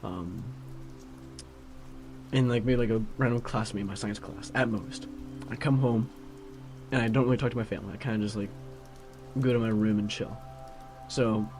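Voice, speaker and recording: A man's voice: medium pitch, a little mellow. A teenage young man rambling casually in a solo monologue, grumbling and peppering his talk with "like.". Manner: grumbling, filler-heavy with constant "like". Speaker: vlogger.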